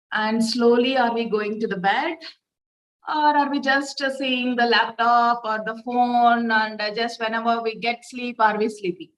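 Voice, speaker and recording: A woman spiritual teacher guides listeners through a quiet reflection. She speaks unhurriedly, in a fairly high voice, asking one gentle question after another. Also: poor audio. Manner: gentle, repeated rhetorical questions.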